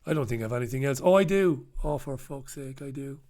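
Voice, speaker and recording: Uk guy doing a sweary rambling paper review on his own, mid pitch, keeps drifting off topic. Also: expressive, fast, a little mellow. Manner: swearing, rambling, sings snatches of songs. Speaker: host. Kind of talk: comic newspaper review monologue.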